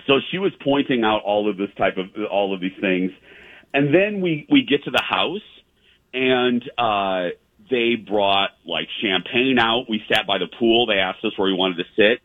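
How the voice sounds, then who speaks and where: A man's voice: on the low side, lively intonation, moderate pace, dry recording. A man hosting a casual show, telling a long story in a rambling way with many fillers and restarts. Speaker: host. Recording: dry tinny phone-like line.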